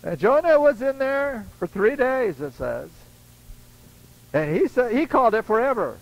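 A man's voice: extremely high pitch, sing-song, a little slow, vocal fry, rough recording. An older man preaching a folksy storytelling sermon, acting out voices in his stories. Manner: acts out voices in his stories, chuckling asides.

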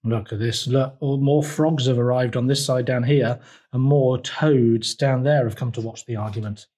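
A man's voice: mid-range voice, fairly even intonation, normal speed. Man reading a picture book to children. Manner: gentle, pointing things out to children. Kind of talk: children's storytime read-aloud.

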